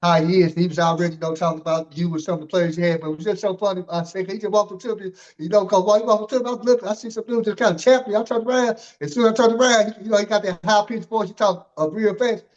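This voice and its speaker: A male interview host with a fairly high voice who rambles along in casual chat. He leans on fillers and restarts his sentences. The audio sounds muffled and lo-fi. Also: fairly even intonation, fast, few pauses. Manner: rambling, loaded with "you know" and "man". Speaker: podcast host.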